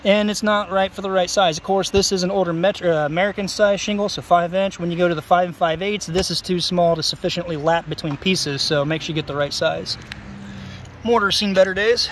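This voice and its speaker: Outdoors on a roof, a male roofer gives a casual, plainspoken walkthrough of its faults in a folksy manner. He talks briskly in a high, slightly bright voice, and there's a faint hiss or hum.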